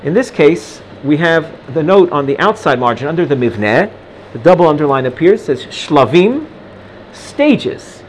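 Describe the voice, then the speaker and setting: Talmud teacher, male, Ashkenazi Hebrew reading, fairly high voice, faint room hum behind. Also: sing-song, a little slow. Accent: Ashkenazi Hebrew pronunciation. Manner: reads Aramaic text then translates, with frequent restarts. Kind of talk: recorded Gemara lesson.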